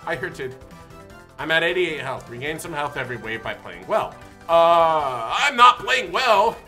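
A young man giving excitable gameplay commentary, yelping and shouting at the game. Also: fairly high pitch, a little slow, soft background music. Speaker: gaming video host.

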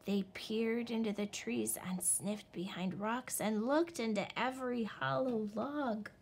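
A woman reading a picture book aloud in a slow, expressive storytelling voice. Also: on the high side, vocal fry, slight background noise. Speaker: storybook reader.

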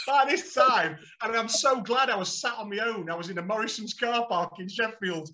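A middle-aged man, a guest on a podcast, telling animated anecdotes and acting out the dialogue with frequent laughter. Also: high voice, normal speed, few pauses. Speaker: guest, former footballer. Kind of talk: casual podcast storytelling.

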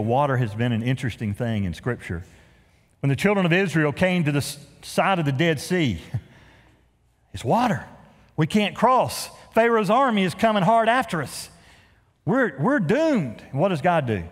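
A middle-aged man preaching a sermon as pastor, folksy and joking, swinging from loud emphasis to hushed, quiet lows. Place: large church sanctuary. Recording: reverberant church hall.

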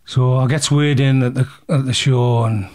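A man's voice: mid-range voice, steady tone, moderate pace, a little mellow. A man, telling a story as an interview guest in blunt, casual talk, swearing freely and acting out the punches. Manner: blunt, swears freely, acts out fight scenes.

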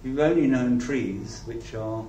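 A man preaching a sermon and leading a prayer, reflective and halting, often restarting his sentences. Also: medium pitch, mellow, highs cut off. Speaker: pastor. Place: church hall. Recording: echoey hall from far off, faint noise.

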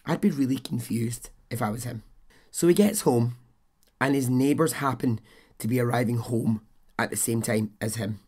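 A man's voice: medium pitch, normal speed, darkish tone, slightly rough. A man hosting a podcast, telling a true-crime story in a chatty, blunt way, swearing and adding his own asides. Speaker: podcast host.

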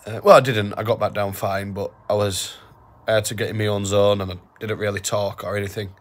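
A man vlogging to camera while ill, talking quietly and apologetically. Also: fairly low pitch, level tone, fairly quick. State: ill and weak. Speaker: hiking vlogger. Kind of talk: casual vlog to camera.

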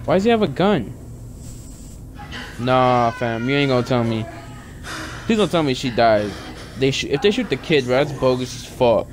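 With slight background noise, a young man doing casual let's-play commentary as a gaming YouTuber speaks in a very animated, mid-range voice at moderate pace, pausing often. He jokes and swears while reacting to the game.

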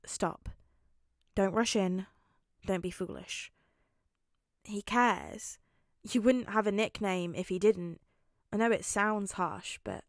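A woman reading the lines of a quiet teenage boy who speaks softly and hesitantly to calm a friend. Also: mid-range voice, takes it slowly, long pauses, no room sound, studio quality. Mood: earnest. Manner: soft, soothing, hesitant.

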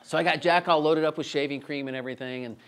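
A fairly high-voiced man in his thirties leads a class for students. He tells playful family stories, acting them out with gestures, and keeps the room involved. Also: steady tone, fast talker, clear, resonant tone. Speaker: speaker teaching a college-prep session. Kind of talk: lively classroom teaching with stories.

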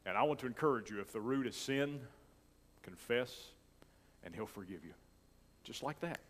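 A male pastor delivers a sermon with strong feeling, swelling into loud declarations and then dropping to almost a whisper. His voice sits at an ordinary middle pitch. A long reverb hangs on every phrase, as in a big church hall. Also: animated, normal speed. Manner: emotional, swinging from loud declaring to soft near-whispers.

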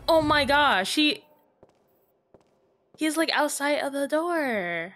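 High, lively young woman gaming. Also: takes it slowly, long pauses, faint music behind. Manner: jumpy, talks to herself, shrieks and laughs at scares. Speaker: gaming YouTuber. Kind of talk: horror game let's play commentary.

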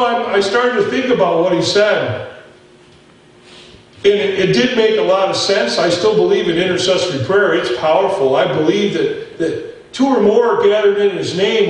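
A man's voice: high-pitched, moderate pace, very echoey, distant mic, poor audio. A man preaching a sermon as pastor, telling stories in a folksy way and talking straight to his folks in the pews. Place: church sanctuary.

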